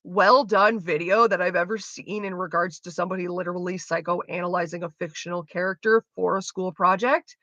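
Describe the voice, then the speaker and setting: A woman streamer in casual chat with her viewers, rambling fast and swearing freely. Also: fairly low pitch, steady tone, a bit bright, no echo, muffled recording.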